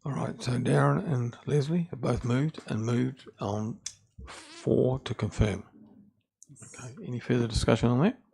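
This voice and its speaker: A man from New Zealand, the mayor, chairing a council meeting and briskly calling votes. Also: medium pitch, animated, creaky, a little mellow, husky. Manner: brisk procedural, calls votes. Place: council chamber.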